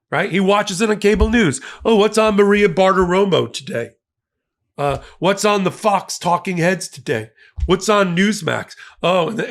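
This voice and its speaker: A man's voice: fairly high pitch, fairly bright tone. A man hosting a legal commentary show, delivering a sarcastic, combative political monologue. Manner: sarcastic, combative, quick-fire.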